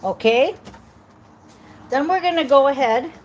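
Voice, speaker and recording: A woman's voice: high voice, animated, measured pace, slight background noise, poor audio. A woman giving a casual tarot reading outdoors, chatty and reassuring, often checking in with the listener. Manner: chatty, reassuring, many okays and rhetorical questions. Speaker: tarot reader.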